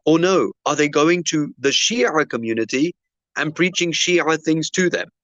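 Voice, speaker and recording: A male preacher telling a personal story in a sermon, acting out the dialogue with lively shifts of voice. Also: a little high, unhurried, no echo, dull audio. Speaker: Muslim preacher.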